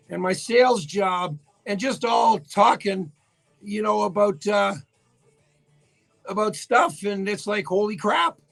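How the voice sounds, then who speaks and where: Hoarse, raspy Newfoundland man hosting. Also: sits high, a bit bright. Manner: chatty, greets viewers by name. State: hoarse from laryngitis. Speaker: radio show host. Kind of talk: casual live-stream chat. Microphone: webcam setup for live video.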